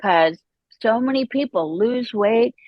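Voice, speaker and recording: A woman shares her personal recovery story as a podcast guest, her fairly high voice swooping up and down as she acts out the voices she quotes. The sound is dry and a little dull, with no room around it. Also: animated, slow pace, no echo.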